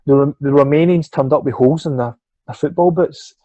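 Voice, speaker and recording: A Scottish man in middle age chats as a guest, telling a tale with real animation and acting out the other people's lines. His voice sits a little high with a mellow, soft edge. The recording is dry, with no room sound. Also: fairly quick, no room sound, highs cut off. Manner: animated anecdotes, swears freely, acts out quoted voices. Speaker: swimming coach, guest. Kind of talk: casual storytelling interview.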